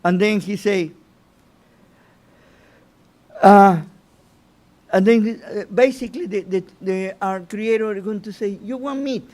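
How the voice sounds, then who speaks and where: A man teaching an informal Torah lesson as a rabbi, halting and restarting his phrases and often asking "you know?". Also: sits high, fairly even intonation, darkish tone.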